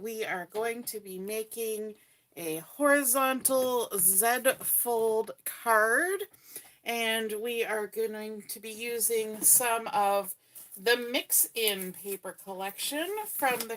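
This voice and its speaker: A woman's voice: fairly high pitch, slow pace, a bit bright. A woman from Canada hosting a live card-making tutorial from home, chatty and greeting viewers by name as she works. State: hiccups. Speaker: crafting livestream host.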